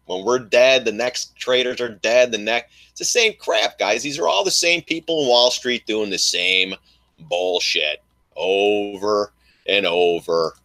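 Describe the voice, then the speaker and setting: Animated older man ranting. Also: medium pitch. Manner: animated, mocking, laughs often. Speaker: live stream host, trader. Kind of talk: casual live stream chat.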